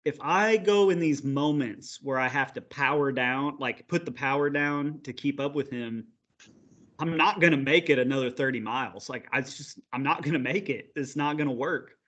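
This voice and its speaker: A man co-hosting a podcast, recounting at length in a rambling, relaxed way. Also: mid-range voice, normal speed. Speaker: podcast co-host. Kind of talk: casual chat.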